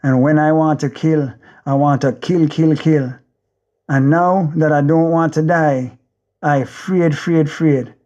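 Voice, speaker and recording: Jamaican male audiobook narrator, fairly high voice, intense first-person read with driving repetition, slightly dull lo-fi audio. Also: steady tone, measured pace, mellow.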